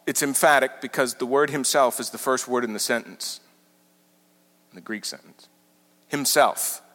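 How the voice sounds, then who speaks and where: Animated male pastor in a reverberant hall. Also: high voice. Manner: animated teaching with emphatic repetition. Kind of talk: sermon. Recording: large hall with long reverb.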